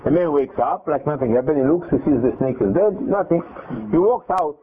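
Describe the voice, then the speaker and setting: A man's voice: a little high, fairly quick, breathy edge. Man retelling a Torah story over phone. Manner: animated retelling with quoted dialogue and restarts. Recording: tinny phone-line audio.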